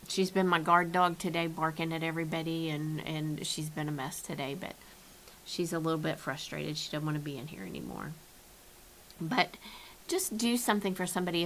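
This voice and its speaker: Woman, lowish voice, earnest homespun devotional talk from home, faint hiss on the recording. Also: a bit bright, low-quality recording. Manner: earnest, repeats and restarts words. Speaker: church devotional speaker. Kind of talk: informal devotional message. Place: at home, with her dog nearby.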